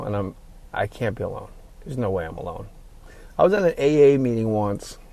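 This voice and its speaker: A man's voice: medium pitch, creaky, darkish tone. A middle-aged man hosting his podcast alone, rambling and ad-libbing in a profane, casual monologue. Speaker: podcast host.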